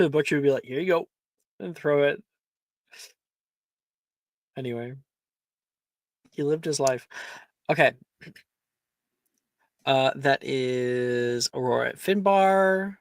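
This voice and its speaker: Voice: mid-range voice, slow pace, long pauses, no echo. A game master running a tabletop game, chatty and explaining spells, laughing often.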